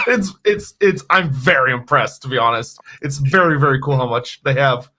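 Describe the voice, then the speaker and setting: Brief: male guest, bright edgy voice, eager, stumbles over words. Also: a little high, slight background noise. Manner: enthusiastic, laughing, halting restarts. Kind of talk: casual chat.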